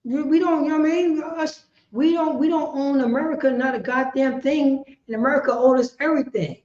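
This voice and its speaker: A woman teaching a religious law class in an impassioned preaching style, repeating herself with emphasis and swinging between shouts and quiet words. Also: high-pitched, steady tone, a little fast. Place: indoor meeting room. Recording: roomy, slightly dull lo-fi sound.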